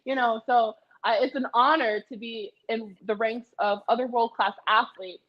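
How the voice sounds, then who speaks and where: A woman's voice: a little high, steady tone, normal speed, lo-fi sound. A young adult woman guest on a casual podcast, talking energetically and acting out quotes as she tells a story. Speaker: guest, pillow fighter.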